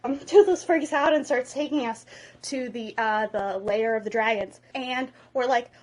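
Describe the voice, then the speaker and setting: A woman's voice: a little high, normal speed, darkish tone. A woman vlogger giving a comedic movie retelling from memory, casual, profane and rambling.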